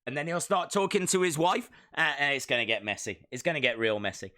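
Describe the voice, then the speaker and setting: A man hosts a casual live watch-along and answers viewer comments in a loose, jokey ramble. His voice is bright and a touch higher than most men's, and he keeps it chatty and informal. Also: fast talker. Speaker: live stream host.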